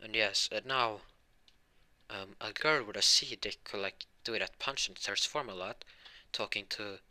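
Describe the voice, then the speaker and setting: A man tells a fan story in a loose, rambling way. He keeps stopping to correct himself and adds fillers as he goes. His voice sits low but sounds bright and sharp. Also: unhurried. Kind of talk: casual spoken fan-fiction retelling.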